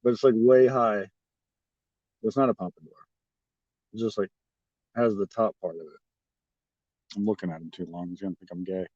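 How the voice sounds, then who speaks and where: A man's voice: lowish voice, fairly even intonation, normal speed, pauses often, darkish tone, no room sound. A man talking casually to his livestream chat, rambling and mocking with lots of swearing. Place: at a restaurant. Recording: dry, slightly dull audio.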